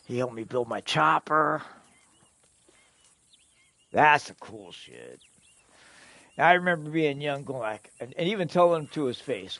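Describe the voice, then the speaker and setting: A man's voice: fairly high pitch, lively intonation, a little slow, creaky, long pauses, a bit bright, dry recording. A middle-aged man telling stories casually on a live stream, rambling and profane, often chuckling.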